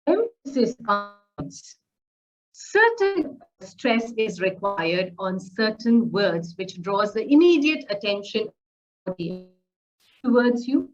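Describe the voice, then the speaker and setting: A woman teaching public speaking in a recorded lecture, asking rhetorical questions and often using fillers. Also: fairly high pitch. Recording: slightly dull lo-fi audio.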